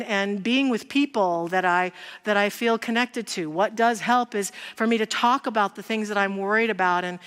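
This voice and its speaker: Woman preaching in a reverberant church. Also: medium pitch. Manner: warm conversational storytelling, rhetorical questions. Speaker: minister. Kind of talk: sermon. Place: large church sanctuary. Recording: long hall reverb in a church.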